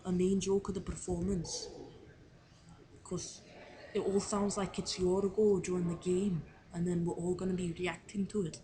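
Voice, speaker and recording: A young woman, a drama student on placement, talks to camera in a casual video diary, with background noise audible. Her mid-range voice rambles, sounding unsure of herself and full of fillers.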